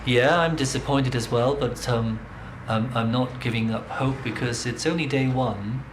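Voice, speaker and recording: Male eye doctor, calm and reassuring, lots of ums, noisy room behind. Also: mid-range voice, moderate pace. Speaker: eye surgeon. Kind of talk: documentary interview and bedside eye exam.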